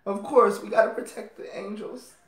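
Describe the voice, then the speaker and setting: A man hosting a reaction video, gushing and laughing often while keeping his voice low. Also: steady tone, moderate pace, reverberant. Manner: giggly, gushing, frequent laughter; kept low to stay quiet. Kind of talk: casual reaction commentary.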